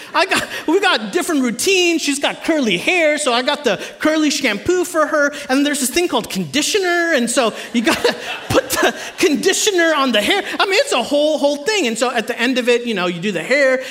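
A man in his thirties preaching a sermon in a church, telling animated, humorous family stories to the congregation. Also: very high voice. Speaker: pastor. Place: church stage before a live audience.

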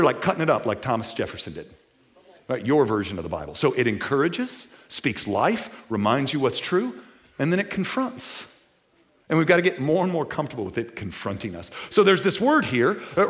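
A man preaching a sermon to a live congregation, animated, with folksy asides, moving between loud and quiet. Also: a little high. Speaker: pastor. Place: church before a live congregation.

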